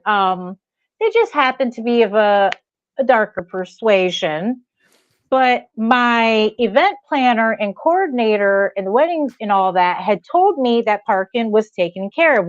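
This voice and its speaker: A woman on a podcast, casually telling a story in an animated way and acting out the voices of the people she quotes. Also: a little high, dry recording, muffled recording.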